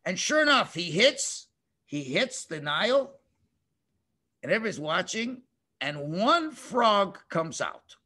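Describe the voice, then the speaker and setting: A man teaching children through a story over a video call, animated and playful, with sound effects. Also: high-pitched, takes it slowly.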